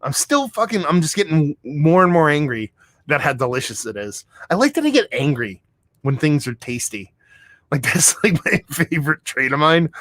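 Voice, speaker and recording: Male beer reviewer on a live stream: rambling, excitable, swears constantly, mid-pitched voice, dry sound. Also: dry recording. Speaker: beer reviewer hosting a livestream. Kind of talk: casual livestream chat. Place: home room.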